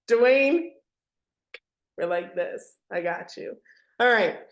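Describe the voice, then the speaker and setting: A woman hosting a live software demo webinar in a casual, joking way, laughing often and acting out what team members say. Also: on the high side, very animated, drawn-out words, pauses often, echoey room.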